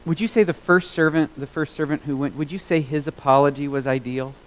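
Earnest preacher, swinging loud and soft. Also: male voice, a little high, fairly even intonation, a little fast, rough recording. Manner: earnest, emphatic, repeats phrases for weight, swings between loud and quiet. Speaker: pastor. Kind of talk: sermon.

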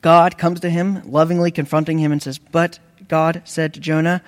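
A man preaching a sermon in a fairly high voice. He talks earnestly, climbs into dramatic peaks and slows down for emphatic repeated phrases. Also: little pitch movement. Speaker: pastor.

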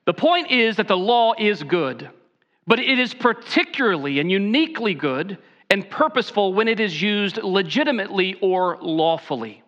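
A man's voice: high-pitched, a bit bright. A pastor preaching an earnest sermon with folksy asides, a man speaking in a dull lo-fi recording.

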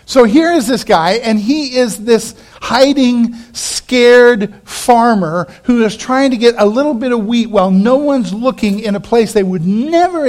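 A man preaching a sermon as a pastor, animated and acting out the quoted voices, dropping to quiet asides. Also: extremely high pitch.

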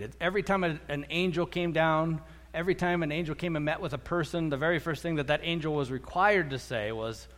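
A man preaching a sermon as a pastor, animated, acting out quotes and repeating words as he goes. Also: a little high, fairly quick. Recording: echoey hall.

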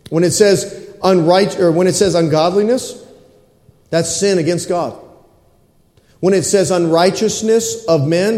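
A pastor's sermon rings through a church sanctuary, full of repeated points and calls for the congregation to answer back. His male voice sits high with a darkish tone, and the hall lends a roomy echo with long reverb.

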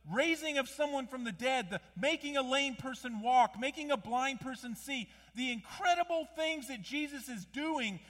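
A man preaching a sermon, animated, with many rhetorical questions, rising to loud emphasis and dropping low again. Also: moderate pace, hardly any pauses. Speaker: pastor. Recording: long hall reverb.

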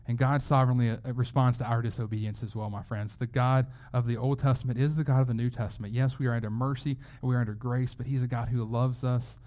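Pastor type, man, easygoing sermon delivery, stumbles and repeats words, mid-pitched. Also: level tone, fast, few pauses, mellow. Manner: conversational, with frequent word repeats.

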